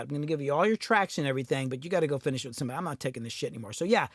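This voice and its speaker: A man's voice: a little high, racing, a bit bright, no room sound, studio quality. A middle-aged man hosting a casual livestream chat, talking bluntly and profanely about his work as a recording engineer and producer.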